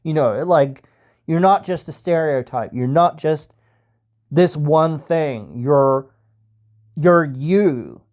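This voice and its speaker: A man's voice: a little high, slow pace, a little mellow. An Australian man hosting a podcast, chatting casually and rambling with many fillers. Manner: rambling, heavy fillers, mock voices for stereotypes. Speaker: podcast host. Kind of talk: casual chat.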